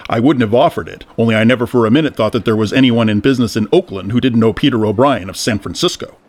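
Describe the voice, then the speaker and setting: A man's voice: medium pitch, fast, a little mellow, close to an everyday voice. A man voicing a portly, pompous older tycoon who blusters when offended. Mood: indignant.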